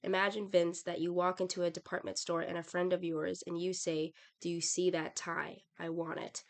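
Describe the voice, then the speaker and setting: A woman's voice: on the low side, level tone, normal speed, close to an everyday voice. A woman reading the lines of an older male acting teacher who explains firmly and bluntly. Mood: instructive. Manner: firm, explaining.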